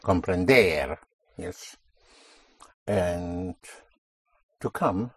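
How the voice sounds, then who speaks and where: A man's voice: lowish voice, expressive, takes it slowly, a little mellow, slightly rough, dry recording, studio quality. A man teaching a language lesson, patiently repeating and correcting a student's answers. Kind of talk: guiding a student through spoken drills.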